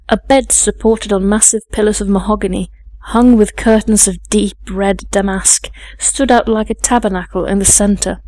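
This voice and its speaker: A woman's voice: mid-range voice, dark tone, dry recording. Woman narrating a classic novel. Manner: measured, composed reading. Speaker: audiobook narrator. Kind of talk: scripted narration.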